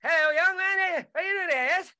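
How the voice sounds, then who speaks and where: A cheerful, courteous English homeowner, as a man puts him on for a bit. The voice sits high and bright, with fussy, sing-song politeness and an English accent. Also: a little fast, heavily acted. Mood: chirpy. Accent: English, put on. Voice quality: chirpy and courteous, higher pitched.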